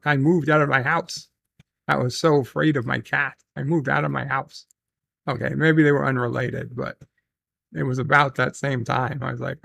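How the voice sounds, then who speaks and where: A man's voice: medium pitch, steady tone, normal speed, vocal fry, fairly bright tone. A man hosting a casual livestream, rambling and reading chat messages aloud with filler ums. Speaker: livestream host.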